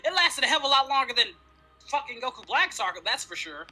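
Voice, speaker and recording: A man with a very bright, sharp tone argues hard on a livestream, his pitch jumping all over as he makes his case. He swears freely and talks in quick bursts. Faint music plays under his voice. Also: slightly rough, low-quality recording. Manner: animated, argumentative, swears freely. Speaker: streamer answering chat questions. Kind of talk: casual livestream chat and debate.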